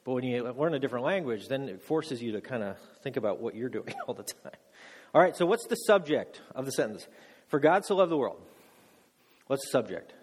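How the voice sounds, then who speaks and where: A man's voice: mid-range voice, expressive, fairly quick, a little mellow, slightly rough. A man, a married father, preaching a teaching sermon to a congregation, quizzing them with questions and joking about himself. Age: adult. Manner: joking, self-deprecating, quizzes the audience. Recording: long echo of a large hall.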